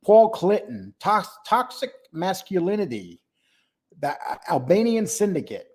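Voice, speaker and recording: A man's voice: high-pitched, sing-song, measured pace, darkish tone, slightly rough. Blunt older man hosting a livestream. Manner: greets viewers by name, blunt and mocking. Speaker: livestream host. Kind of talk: casual livestream chat.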